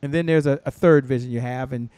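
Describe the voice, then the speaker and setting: A man hosting an online motivational show, telling stories with lively acted-out voices. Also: mid-range voice, quick pace, clean tone, no echo. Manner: preacher-like storytelling with acted-out voices. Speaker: show host.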